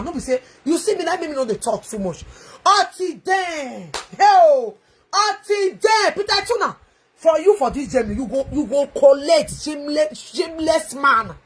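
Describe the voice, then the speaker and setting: A woman with a Nigerian Pidgin English accent, ranting angrily in a video, taunting and mocking with shouts and a sing-song edge. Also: high-pitched. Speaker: online video ranter. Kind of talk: angry livestream rant.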